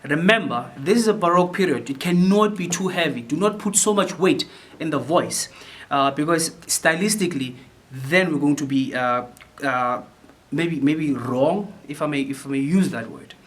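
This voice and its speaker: A man leads a choir rehearsal with piano in the background, explaining phrasing and sometimes singing lines to demonstrate. His voice is a little high and a bit bright at a moderate pace, and he restarts often, uses many fillers, and repeats words while thinking.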